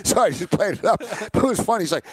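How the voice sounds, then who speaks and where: A man's voice: high voice, animated, quick pace, crowd noise. A man who works in sports media, co-hosting a casual sports podcast, telling a joking story with lots of "like" fillers. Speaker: podcast co-host.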